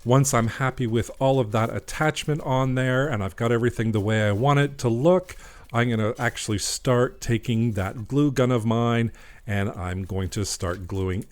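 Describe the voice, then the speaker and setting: Guy chatting through a diy wreath video, easygoing, laughs at himself. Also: mid-range voice. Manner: chatty, laughs at his own slip-ups. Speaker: wreath-making vlogger. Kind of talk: casual craft tutorial voice-over.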